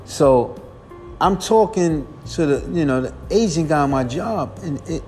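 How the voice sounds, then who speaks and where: Earnest weary man with high voice. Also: animated, unhurried, a little mellow, faint music behind. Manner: earnest, repetitive, peppers lines with "man". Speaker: podcast host. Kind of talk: casual rambling monologue.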